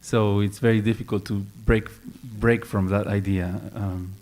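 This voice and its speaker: A man's voice: fairly low pitch, fairly even intonation, a little slow, a little mellow. A man speaking on a panel at a round-table discussion, thoughtful and hesitant, with many fillers and restarts.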